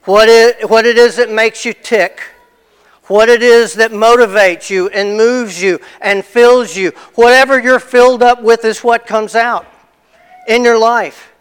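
A man's voice: very high-pitched, fairly even intonation, a little slow, clean tone. A man preaching a conversational sermon as a pastor, telling personal stories and repeating phrases for emphasis. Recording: long reverb of a large hall.

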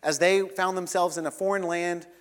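A man preaching a sermon as a pastor, earnest, swinging between loud emphatic lines and soft quiet ones. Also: high voice, steady tone, normal speed, clear, resonant tone. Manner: earnest, rises and falls between loud and soft, leads congregation in repeating. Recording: long reverb of a hall.

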